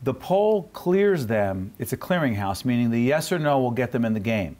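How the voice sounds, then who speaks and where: A man's voice: mid-range voice, lively intonation, normal speed, darkish tone. A male television host in a studio who jumps in with probing questions and pushes back as devil's advocate. His voice sits in the middle range for a man. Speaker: TV interview host. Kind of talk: TV interview.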